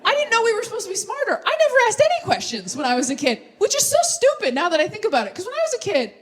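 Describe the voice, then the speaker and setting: A young woman performing stand-up comedy on stage, animated and self-mocking, with quick asides and crowd work. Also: very high-pitched. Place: live theater stage with audience. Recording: live show, audience laughter and room noise.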